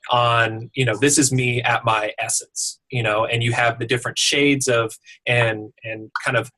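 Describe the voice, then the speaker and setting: A man's voice: mid-range voice, little pitch movement, normal speed, bright, forceful tone. A man guest on a webinar explaining voiceover advice thoughtfully, with many "you know" fillers. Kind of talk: casual advice talk.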